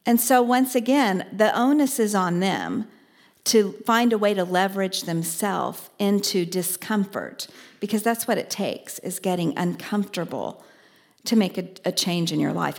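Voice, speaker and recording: A woman's voice: medium pitch, unhurried, creaky. A woman, working as a business life coach, giving a motivational talk and acting out dialogue from her own stories. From Oklahoma. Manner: storytelling, acts out dialogue with lively asides.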